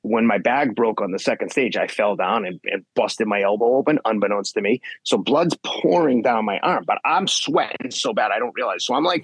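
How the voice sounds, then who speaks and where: A man with a fairly low voice tells his race stories in a blunt, intense way, swearing freely and acting out his own lines. The sound is dry and close. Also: a little fast, few pauses, husky, dry recording. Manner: blunt, profane, intense, animated retelling. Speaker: podcast guest, ultrarunner. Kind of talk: casual storytelling interview.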